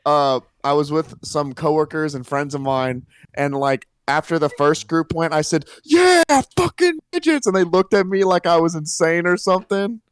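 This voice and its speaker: A man's voice: fairly high pitch, little pitch movement, moderate pace, hardly any pauses, clean tone, no echo, studio quality. Rambling young man telling a story. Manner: rambling, laughs at own story. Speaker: guest. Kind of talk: casual storytelling.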